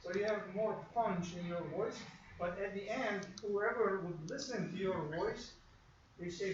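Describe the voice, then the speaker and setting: A man's voice: high voice, unhurried, slight background noise. A man teaching a radio course, explaining in a lecture style and acting out examples in quoted asides. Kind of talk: classroom lecture. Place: classroom. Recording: echoey room, far from mic, dull.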